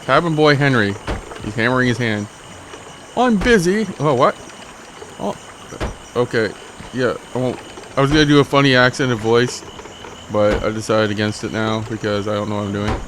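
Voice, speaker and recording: A man's voice: mid-range voice, steady tone, a little fast, pauses often, fairly bright tone, a little hiss or hum. A man giving rambling, joking, self-mocking commentary while he plays a game. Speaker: let's play host. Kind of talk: gameplay commentary.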